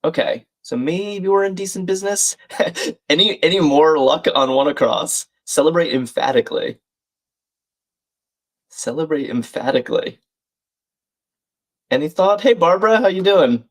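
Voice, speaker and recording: A man's voice: on the high side, unhurried, long pauses. A man hosting a live crossword stream, thinking aloud, reading out clues and viewers' names, and chatting with them as he solves. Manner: thinks aloud, reads chat names and clues, friendly asides. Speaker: livestream host. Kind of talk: live crossword solving chat.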